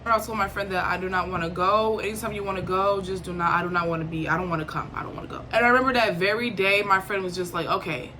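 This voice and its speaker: A young woman from Liberia telling a storytime vlog in a casual, animated way, acting out quoted lines and swinging between irritation and laughter. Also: medium pitch, fast talker, hardly any pauses, slight background noise. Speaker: vlogger.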